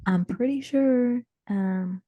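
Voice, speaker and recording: A woman playing a frazzled, gossipy, well-off mom who hosts an improvised comedy podcast and rambles through animated stories with acted-out quotes. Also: on the high side, slow, narrow, tinny audio. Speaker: podcast host character.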